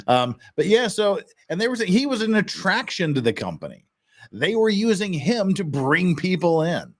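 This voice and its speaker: A man casually commenting on a hearing video, chatty and full of quick asides. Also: high-pitched, very animated.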